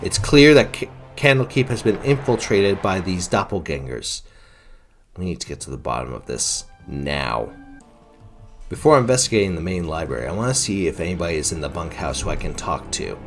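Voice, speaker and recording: A man's voice: sits low, very animated, a little fast, faint music behind. A man narrating his role-play playthrough of a fantasy video game, retelling the characters' lines in his own words with some fillers.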